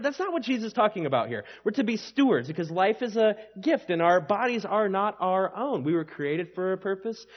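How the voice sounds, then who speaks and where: With a high, highly animated voice that swings up and down, a man preaches a sermon as pastor. He speaks emphatically but in a conversational manner, captured on a somewhat dull, lo-fi recording.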